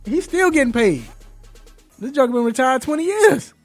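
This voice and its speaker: A man hosting a casual sports talk show, animated and laughing, with loose slangy banter. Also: extremely high pitch, normal speed, faint music behind. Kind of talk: casual sports commentary chat.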